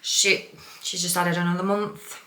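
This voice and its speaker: A woman voicing a disapproving God with a Midlands accent, speaking in a hushed, tutting way. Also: fairly low pitch, flat delivery, measured pace, roomy sound.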